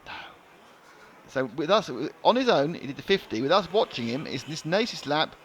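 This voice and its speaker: A man's voice: fairly high pitch, very animated, moderate pace, a bit bright. Chatty man commentating a race. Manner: chatty, joking banter. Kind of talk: live commentary. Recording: light background noise.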